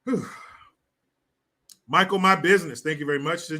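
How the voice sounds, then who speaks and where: A man's voice: fairly high pitch, normal speed, long pauses, sharp tone. A man hosting a casual livestream, reading viewer comments in a crude, mocking way and laughing often.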